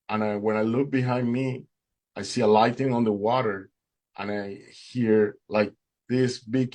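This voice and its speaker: In a low, darkish voice, the man shares his personal testimony of faith, emotionally retelling what happened and voicing the conversations himself.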